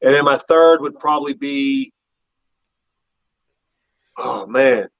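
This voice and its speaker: A relaxed man from the Pittsburgh area rambles through his stories and keeps tossing in "man." His voice sits in the middle range, and the recording is dry and a little dull, as if the top end had been rolled off. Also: mid-range voice, takes it slowly, no room sound. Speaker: podcast guest. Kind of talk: casual chat.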